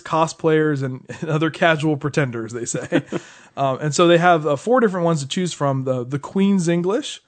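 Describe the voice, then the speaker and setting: A man hosting a gaming podcast, chatty and often laughing as he reads out a promotion. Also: on the high side. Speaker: podcast host. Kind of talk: casual chat, reading a promo.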